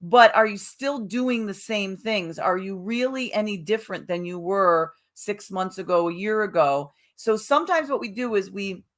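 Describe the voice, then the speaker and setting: A woman co-hosting a motivational podcast in a relaxed, conversational way, with fillers and restarts. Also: medium pitch, normal speed, hardly any pauses. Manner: conversational, with fillers and self-corrections. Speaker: podcast co-host. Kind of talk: casual motivational chat.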